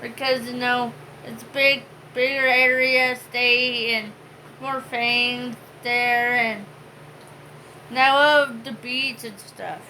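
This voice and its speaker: A woman's voice: a little high, flat delivery, slow, sharp tone, a little hiss or hum, poor audio. A woman co-hosting a home vlog, chatting casually and rambling with many fillers. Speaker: vlog co-host. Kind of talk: casual chat.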